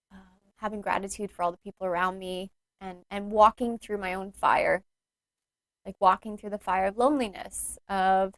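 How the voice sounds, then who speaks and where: A yoga teacher hosts her own podcast in a mid-range voice with vocal fry, speaking earnestly, intimately and ramblingly with many fillers. It's reflective solo podcast talk, recorded without echo.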